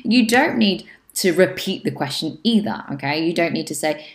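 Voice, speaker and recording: A woman's voice: fairly low pitch, animated, moderate pace, reverberant. A woman teaching English exam speaking tips, checking in with frequent "okay?" and acting out sample answers with exaggerated intonation. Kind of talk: spoken exam tips lesson.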